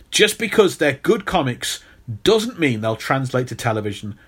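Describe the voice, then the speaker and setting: A man's voice: mid-range voice, sing-song, moderate pace, breathy edge. Male podcast host, casual storyteller, loose delivery with plenty of restarts. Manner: storytelling, repeats words when restarting.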